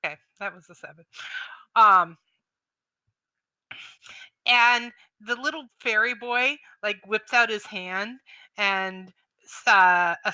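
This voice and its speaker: A woman narrating a tabletop game as game master, in a lively, giggly way. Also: mid-range voice, no echo.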